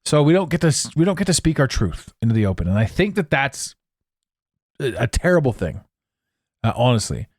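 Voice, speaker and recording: A man hosting a solo podcast, rambling in a jokey, animated way into a close microphone. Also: mid-range voice, brisk, no echo. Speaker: podcast host. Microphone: close studio mic.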